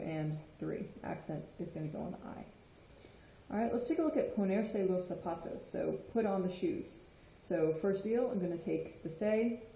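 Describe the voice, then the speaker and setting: A woman's voice: on the low side, mellow, slight background noise. A woman explaining Spanish grammar in a patient lesson, often checking in with "okay?". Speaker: Spanish teacher. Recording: echoey room.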